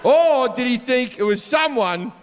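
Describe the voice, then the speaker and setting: A man doing profane, animated stand-up storytelling, shouting his punchlines on a large theater stage. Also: very high voice, measured pace, noisy background. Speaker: stand-up comedian. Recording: live hall reverb, faint crowd ambience.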